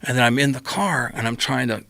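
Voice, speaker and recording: Male podcast guest, gravelly voice with a tense, bright edge, animated rambling storyteller. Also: medium pitch, brisk, dry recording. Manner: acts out his own quoted remarks, tangential and repetitive.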